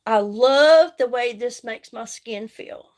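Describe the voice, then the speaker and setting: A woman's voice: fairly high pitch, takes it slowly. A middle-aged woman, chatting casually on a live stream while doing her makeup, folksy and greeting viewers by name. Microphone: phone.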